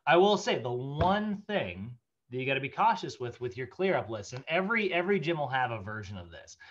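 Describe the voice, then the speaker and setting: A man teaching a fitness training class in a relaxed, anecdotal way, with lots of fillers and laughing as he tells stories. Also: medium pitch, muffled recording. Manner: chatty, anecdotal, many fillers, laughs while telling stories. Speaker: fitness instructor. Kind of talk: casual classroom lecture.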